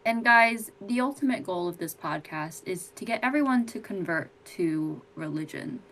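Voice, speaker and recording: A woman's voice: medium pitch, lively intonation, moderate pace, a bit bright. A woman co-hosting a podcast, signing off with playful irony and reading out where to find the show. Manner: playful, ironic sign-off reading out social handles. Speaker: podcast co-host. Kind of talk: casual chat, show outro.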